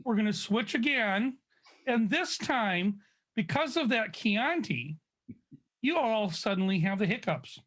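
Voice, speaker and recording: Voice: mid-range voice, lively intonation, unhurried, fairly bright tone. Casual improv show host. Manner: casual, directing the players. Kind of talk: announcing improv games.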